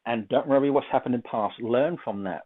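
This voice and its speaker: A man's voice: medium pitch, fairly quick. A man hosting a psychic show, chatty and joking as he gives card readings and runs a quiz over a video call. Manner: chatty, joking, thinks aloud. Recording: tinny phone-like line.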